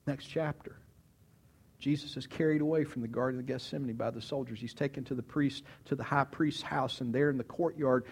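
A man preaching a sermon, retelling a story in an animated, dramatic way. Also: mid-range voice, brisk, gravelly, breathy edge.

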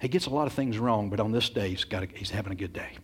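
A man's voice: fairly low pitch, fast talker, slightly rough. A man preaching a sermon, earnest and emphatic, often repeating words as he goes and putting questions straight to his congregation. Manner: addresses the congregation directly with questions.

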